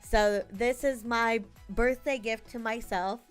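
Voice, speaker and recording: Woman streamer, chatty and giggly, talking to her live chat over quiet background music. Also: fairly high pitch, steady tone, takes it slowly, clean tone. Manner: chatty, laughs often, thanks chat by name.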